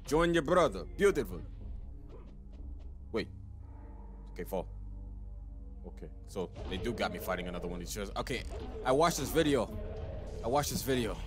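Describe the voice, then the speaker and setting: A man giving let's play commentary, excitable and talking to himself as he plays. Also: fairly low pitch, a little fast, pauses often, music in the background. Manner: excitable, talks to himself while playing. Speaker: gaming channel host.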